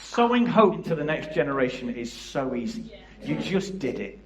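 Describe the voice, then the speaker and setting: A man's voice: on the high side, big pitch swings, moderate pace, roomy sound, noisy background. A man with a Liverpool area English accent giving a passionate church talk about youth work, often asking the audience questions. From England. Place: church hall.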